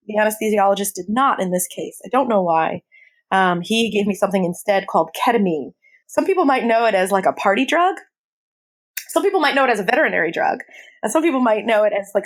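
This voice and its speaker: A woman of middle pitch speaks as a podcast guest, candid and conversational. She tells a personal story with easy frankness, laughter never far off. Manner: candid, lively storyteller who laughs often. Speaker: hospice chaplain guest.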